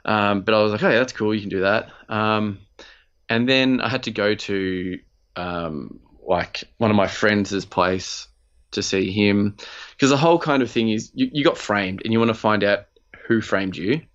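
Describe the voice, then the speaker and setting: A man's voice: on the low side, measured pace, fairly bright tone, lo-fi sound. A man, co-hosting a podcast in loose, rambling casual chat, swearing freely. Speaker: podcast co-host.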